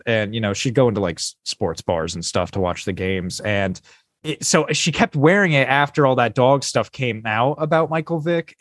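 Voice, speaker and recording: A man's voice: mid-range voice, no room sound, clean studio sound. A man hosting a podcast, chatting in a rambling, swearing way with frequent laughs. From lives in New Jersey. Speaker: podcast host. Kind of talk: casual chat.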